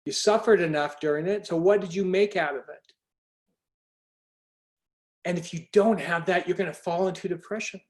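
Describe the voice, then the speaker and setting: A man with a fairly high voice hosts a motivational group call over a video link. He talks earnestly, pressing his listeners with direct questions and urging them to act. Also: normal speed, pauses often. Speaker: host.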